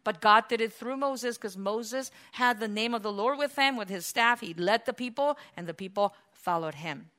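Woman preacher, sermon, animated storytelling, asks and answers questions, bright tense voice. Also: a little high, moderate pace, few pauses.

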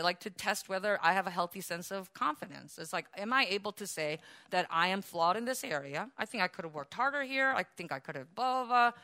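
A woman pastor preaching a sermon in a church, animated, acting out quotes and laughing often. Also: fairly high pitch.

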